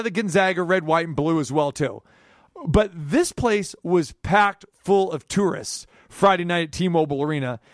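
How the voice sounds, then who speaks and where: A man hosting a sports talk radio show, delivering an animated, rambling monologue from a studio. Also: a little high, no echo.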